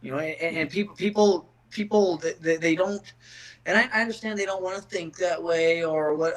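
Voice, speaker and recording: Middle-aged male podcast guest: slightly high pitch, blunt and profane, restarts his sentences. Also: moderate pace, fairly bright tone, poor audio. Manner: blunt, profane, repeats words when starting sentences. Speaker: guest, MMA fighter. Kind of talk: casual podcast chat.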